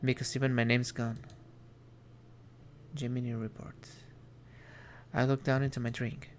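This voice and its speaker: A man streaming an indie game, reading its text aloud in a measured, reflective way with small asides. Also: medium pitch, little pitch movement, soft background music.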